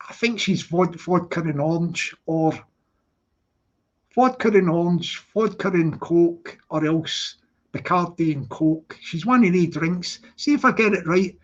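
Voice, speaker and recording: A man's voice: sits high, fairly bright tone. A man hosting a casual livestream, chatting to viewers in the chat and teasing them, calling them darling. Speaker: livestream host. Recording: dull lo-fi stream audio.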